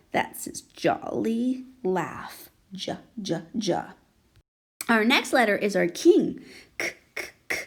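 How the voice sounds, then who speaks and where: A woman teaching a children's phonics lesson, coaxing a young learner with patient questions and repeating each letter sound slowly and clearly. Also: a little high.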